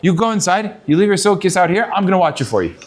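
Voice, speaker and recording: A man playing a humble, kind elderly rabbi who gently reassures a newcomer, inside a spoken story. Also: high-pitched, big pitch swings, quick pace. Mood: reassuring.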